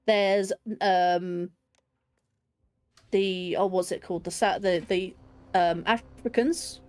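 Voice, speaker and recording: A woman's voice: on the low side, fairly even intonation, slow, darkish tone, clean tone. A woman with a mix of London and standard Southern English accent, rambling and thinking aloud in casual chat during a game stream. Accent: London English mixed with standard Southern English. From England. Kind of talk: casual chat over gameplay.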